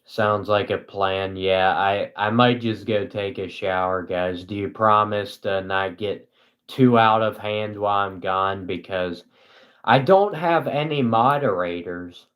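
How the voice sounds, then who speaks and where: Monotone, slow-talking young man streaming. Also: lowish voice. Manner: monotone and dry, self-mocking. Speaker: live streamer. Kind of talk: casual live stream chat.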